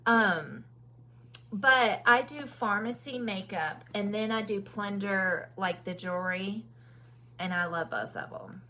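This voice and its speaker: A woman's voice: mid-range voice, slow pace, bright, forceful tone. A woman from Kentucky with a Southern accent, hosting a casual makeup live stream and chatting with viewers by name between many ums.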